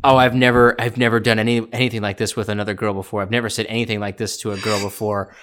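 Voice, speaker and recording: A man voicing a smooth-talking starship officer who mumbles suggestive come-on lines. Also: lowish voice, flat delivery, fast, a bit bright, close to an everyday voice.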